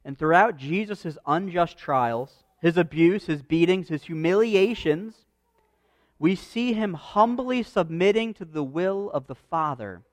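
Earnest high-voiced male preacher, dry sound. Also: animated, no echo. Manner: earnest, emphatic, slows down for quoted verses. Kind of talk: expository sermon reading scripture.

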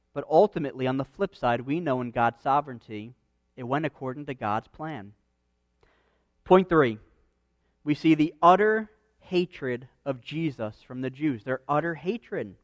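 Earnest high-voiced male preacher, dry sound. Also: no echo. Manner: earnest, emphatic, slows down for quoted verses. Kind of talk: expository sermon reading scripture.

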